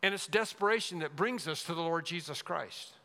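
Man preaching in a big echoey church, bright forceful voice, gets loud then goes real quiet. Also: a little high, fairly quick. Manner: emphatic preaching, swells loud then drops to a hush. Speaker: pastor. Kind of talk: expository sermon. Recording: long reverb of a large hall.

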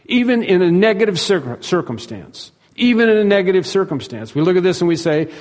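Fairly high-voiced pastor guy preaching, emphatic, repeats words, long echo in a big hall. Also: sing-song, fairly quick, darkish tone. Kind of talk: expository sermon.

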